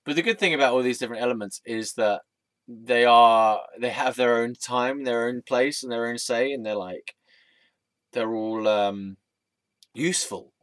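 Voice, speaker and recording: A man's voice: medium pitch, moderate pace, a bit bright, no room sound. Young man, vlog monologue, scattered and giggly, swears, loses his thread, dry voice with no room sound. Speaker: vlogger. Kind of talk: rambling stream-of-consciousness monologue.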